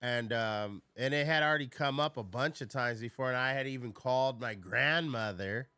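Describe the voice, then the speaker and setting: A man's voice: medium pitch, moderate pace, pushed and bright, smooth, no room sound. A man chatting casually on a live stream, rambling through stories, swearing freely and answering his chat.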